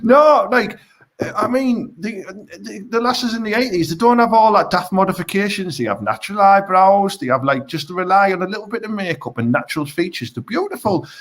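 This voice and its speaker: Lively man bantering. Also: sits high, fairly quick. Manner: animated, cheeky banter. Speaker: co-host. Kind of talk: casual banter.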